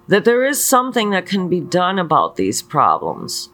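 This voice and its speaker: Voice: medium pitch, wildly swooping pitch, moderate pace, hardly any pauses, sharp tone, faint music behind. A spiritual teacher giving an earnest motivational talk, asking many rhetorical questions and often checking in with the listener. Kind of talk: slow motivational spiritual talk leading a mantra.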